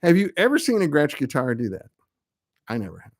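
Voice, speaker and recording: Fairly quick and a little high, his voice swings hugely in pitch. The speaker, a middle-aged man who builds amps, rambles through casual live-stream chat on his web show, tossing in self-deprecating asides.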